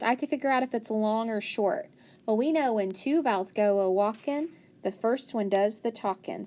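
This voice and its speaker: A woman with a slightly high voice teaches phonics to young children. She sounds out each word slowly and patiently, breaking it into parts and praising each answer. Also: darkish tone.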